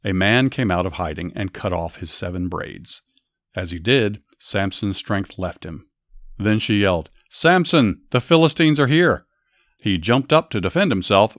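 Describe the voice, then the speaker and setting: A man hosting a podcast, narrating a Bible story and giving commentary in a measured, earnest reading. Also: on the low side, no echo, studio quality.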